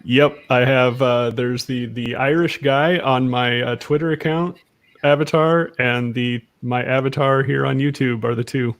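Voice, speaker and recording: A man's voice: mid-range voice, fairly even intonation, measured pace. A man in a casual group chat, opinionated and rambling, restarting his sentences. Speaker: chat guest.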